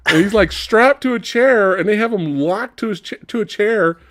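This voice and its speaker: A man hosting a casual movie review chat, animated, laughing often and acting out characters in high voices. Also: moderate pace, no echo, studio quality. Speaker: host.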